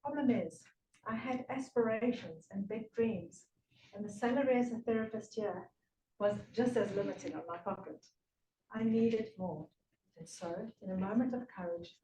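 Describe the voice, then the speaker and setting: A woman from South Africa with a South African accent, slightly British-tinged, giving a prepared speech at a speaking club, earnest with emphatic pauses. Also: medium pitch, mellow, a little hiss or hum. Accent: South African English with a slight British tinge. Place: meeting room. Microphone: room recording from a distance. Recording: echoey room from far off.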